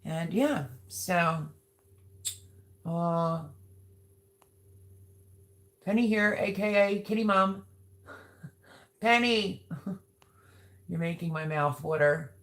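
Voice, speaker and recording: A woman's voice: on the low side, takes it slowly, long pauses. A woman hosting a casual live stream, chatting in a rambling, affectionate way as she reads out viewers' comments.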